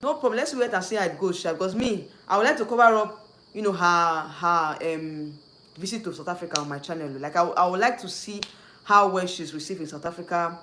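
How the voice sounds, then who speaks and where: A man's voice: high-pitched, fairly quick, sharp tone, slight background noise. A man with a Nigerian accent hosting a casual livestream, rambling and repeating himself, slipping in and out of Nigerian Pidgin. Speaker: YouTube host.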